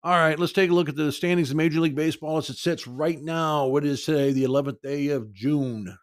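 A man's voice: on the high side, fairly quick, no echo, studio quality. A man hosting a sports talk show, ranting in frustration with mocking quotes.

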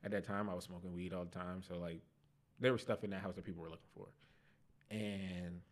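A young man on a podcast, telling his life testimony in casual slang, animated and laughing at himself. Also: deep voice, brisk. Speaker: podcast guest.

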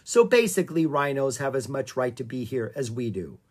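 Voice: medium pitch, lively intonation, a little fast, husky. The narrator of a storybook reading, voicing an earnest, slightly flustered young boy in a raised voice.

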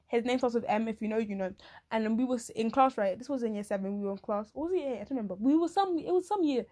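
A young woman with a fairly high voice rattles through a comic monologue in loose slang. She talks animatedly, throws in quick asides, and sometimes jumps into shrill voices to act out other people. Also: warm tone. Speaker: vlogger. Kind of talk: comic casual monologue to camera.

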